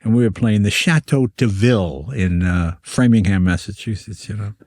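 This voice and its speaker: An older man, a comedian guest on a podcast, telling show business stories and acting out voices, with quick stammering restarts. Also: on the low side, a little mellow, dry recording, clean studio sound. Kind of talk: anecdotal storytelling on a podcast.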